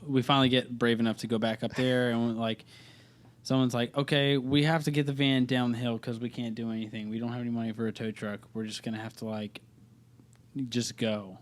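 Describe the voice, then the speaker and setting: A man's voice: medium pitch, flat delivery, brisk. Rambling young man telling a story. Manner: rambling, profane, self-interrupting. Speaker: podcast guest, band singer. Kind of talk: casual storytelling chat.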